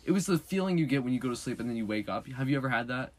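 A teenage boy in casual group chat, telling stories in halting bits and restarting his sentences. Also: mid-range voice, animated, darkish tone.

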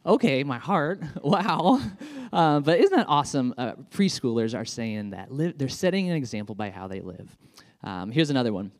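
A man's voice: mid-range voice, big pitch swings, fairly quick. Enthusiastic conversational male pastor. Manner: enthusiastic, conversational with many fillers. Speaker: children's pastor. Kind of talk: sermon.

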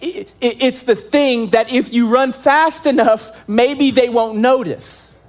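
A young man preaching a sermon as pastor, animated and joking, acting out little scenes as he goes. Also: very high voice, takes it slowly.

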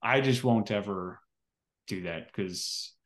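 A man's voice: on the low side, takes it slowly, a bit bright. Man hosting a casual podcast. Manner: reads trivia questions aloud, hesitant with many fillers. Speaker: podcast co-host.

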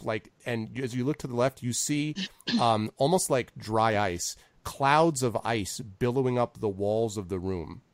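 Male GM, slow and halting, dry close sound. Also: mid-range voice, no echo. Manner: hesitant, full of fillers and restarts while describing scenes. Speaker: game master. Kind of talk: narrating a tabletop game.

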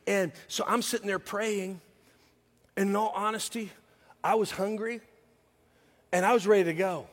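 A man's voice: sits high, fairly even intonation, moderate pace, big-room sound. A man preaching a sermon, mixing humorous personal stories with earnest exhortation to his congregation. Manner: humorous, confiding storyteller turning to earnest exhortation.

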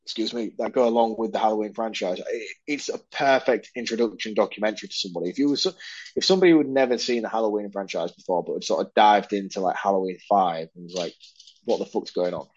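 A man's voice: on the low side, fast talker, darkish tone, husky, dry recording, muffled recording. A man co-hosting a podcast in casual chat, telling rambling, self-mocking stories. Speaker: podcast co-host.

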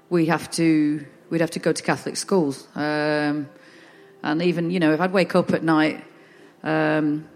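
A middle-aged woman from Lancashire, chatting as a podcast guest on a festival stage, laughing and acting out the people in her stories. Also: fairly low pitch. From Lancashire, England. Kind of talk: casual chat, anecdotes. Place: festival stage before a live audience. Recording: reverberant live stage audio.

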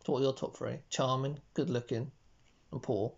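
A man co-hosting a podcast in casual chat, jokey and quick to laugh, on a dull lo-fi recording. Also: mid-range voice, steady tone, vocal fry, a little mellow, husky. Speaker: podcast co-host.

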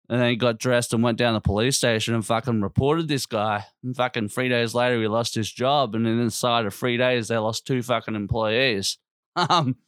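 A man's voice: medium pitch, fairly bright tone, no echo, clean studio sound. A man hosting a podcast, ranting in a casual, blunt and constantly profane way. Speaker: podcast host.

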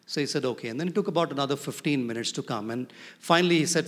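A man preaching a sermon as pastor, animated and often asking his congregation questions. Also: fairly high pitch, fast talker. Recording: reverberant hall.

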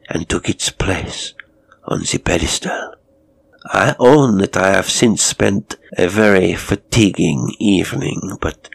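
Male reader doing a courteous, sinister murderer in an audio story, faint foreign accent, deep gravelly voice. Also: full character voice. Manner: polite, formal and quietly mocking. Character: suave, menacing male murderer posing as a waxwork.

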